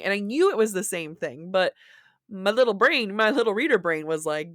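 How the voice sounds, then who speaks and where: A woman's voice: mid-range voice, lively intonation, moderate pace, dry recording, studio quality. A woman co-hosting a podcast, chatting casually about books in a rambling, self-deprecating way with many restarts. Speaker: podcast co-host. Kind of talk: casual book chat.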